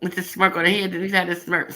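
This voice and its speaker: A middle-aged woman casually telling a personal story, animated and laughing, jumping into high voices for quotes. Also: low-quality recording.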